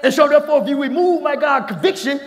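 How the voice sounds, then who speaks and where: A man preaching a sermon as pastor in a church, fervent and repetitive, often calling out "my God" and building to shouts. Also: extremely high pitch, animated, fast. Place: church sanctuary. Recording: echoey church hall with long reverb.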